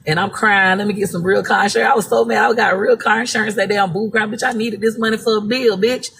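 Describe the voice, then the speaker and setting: A woman's voice: medium pitch, fast talker, few pauses, fairly bright tone, a little hiss or hum. A woman from Florida, telling stories bluntly and profanely in a casual live-stream monologue. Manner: blunt, profane, emphatic storytelling. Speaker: social media personality.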